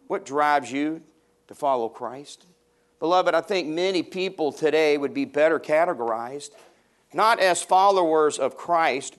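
Emphatic male pastor preaching. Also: a little high. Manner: emphatic, repeats key phrases. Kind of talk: sermon.

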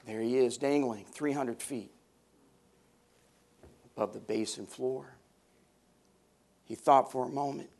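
A man's voice: mid-range voice, steady tone, slow, vocal fry, long pauses, a little mellow. A pastor preaching a sermon to his congregation, stressing his points and repeating key phrases.

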